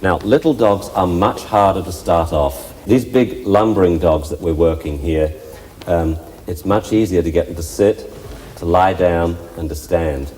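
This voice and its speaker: Dog trainer explaining in an echoey hall. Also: male voice, low voice, unhurried, a little mellow. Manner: chatty, explains while working the dogs, puts on dog voices for fun. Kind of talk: live training demonstration. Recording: echoey hall with faint ambience.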